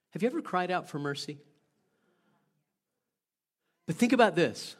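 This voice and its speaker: A man preaching a sermon in a conversational way, putting questions to the congregation and moving between loud stretches and hushed ones. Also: high voice, lively intonation, a little slow, pauses often, husky. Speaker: pastor.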